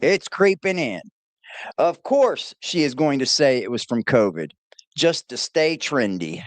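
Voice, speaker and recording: A streamer mocks and swears at a clip in loose, casual commentary. The pitch swings widely from line to line, and the voice sits dry and close, with no room sound. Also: sing-song, unhurried, no echo. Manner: mocking, profane, talks back at the clip. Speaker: reaction streamer host. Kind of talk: casual live reaction commentary.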